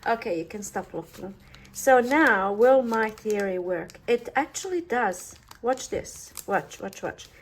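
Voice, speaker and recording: A woman's voice: mid-range voice, lively intonation, unhurried. A woman chatting casually through a craft tutorial, talkative and playfully sarcastic.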